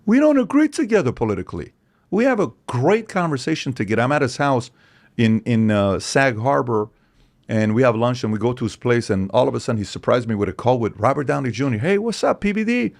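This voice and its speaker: A man in his forties holds forth as a podcast guest, with a gravelly, creaky edge to his mid-range voice. His pitch swings widely as he hammers home points with rhetorical questions, and he mimics other people's voices mid-story. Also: expressive, fairly quick. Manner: acts out quoted voices, emphatic, rhetorical questions. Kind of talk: animated opinionated monologue.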